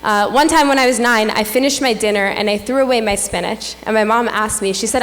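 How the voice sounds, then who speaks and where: A woman's voice: mid-range voice, a little fast, hardly any pauses. A young woman in her twenties emceeing a gala with a playful, self-mocking stand-up comedy set on a stage mic. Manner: animated punchline delivery, playful and self-mocking. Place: stage at a large gala hall. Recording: echoey hall, faint room ambience.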